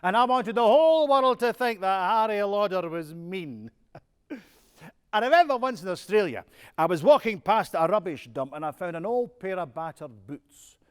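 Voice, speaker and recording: An actor playing an older Scottish music-hall star in a stage monologue, telling stories with a chuckling, self-mocking manner. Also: male voice, high voice, expressive, moderate pace, smooth. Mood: jovial boasting. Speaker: music-hall performer in a one-man stage show. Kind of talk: theatrical monologue.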